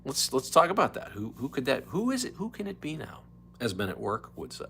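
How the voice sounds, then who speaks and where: A man's voice: medium pitch, huge pitch swings, a little fast, creaky, bright, forceful tone, breathy edge. A man hosting a casual solo live stream, chatting in a rambling way and dropping into mock whispers and voices.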